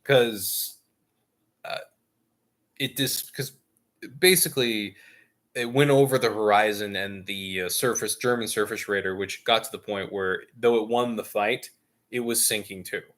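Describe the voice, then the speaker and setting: A man's voice: on the low side, steady tone, a little slow, a bit bright. A man hosting a gaming stream, telling a long story in casual chat with jokey asides and frequent laughs. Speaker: stream host.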